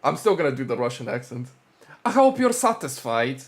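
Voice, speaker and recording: A man's voice: medium pitch, very animated, a little hiss or hum. A man chatting casually and jokingly between voiced lines of a game. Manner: joking, slow and playful. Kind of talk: casual chat while voicing a game.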